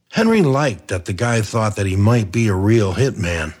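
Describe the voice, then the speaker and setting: A man's voice: lowish voice, lively intonation, normal speed, darkish tone. A man reading a comic crime novel aloud, in a dry, wry storytelling manner. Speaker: narrator. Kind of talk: audiobook narration.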